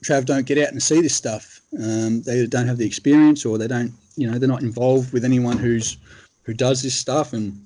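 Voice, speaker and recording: A man's voice: medium pitch, steady tone, normal speed, warm tone. An Australian man telling a long hunting story in a laid-back, rambling way, full of fillers. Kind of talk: casual storytelling.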